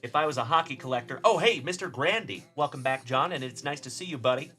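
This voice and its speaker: A man from Texas runs a casual live stream of card pack openings, calling out players and thanking viewers by name. His voice is bright and forceful, with mid-range pitch. Faint music plays behind him. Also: animated, fast. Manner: upbeat, shouting out chat viewers by name. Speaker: card-breaking livestream host.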